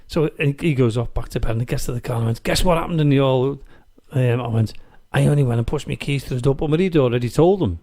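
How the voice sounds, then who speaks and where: Man telling a story with mellow warmth. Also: mid-range voice, fast talker, few pauses. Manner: animated anecdote-teller, acts out quoted voices, laughs easily. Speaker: podcast host. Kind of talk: casual storytelling chat. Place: studio.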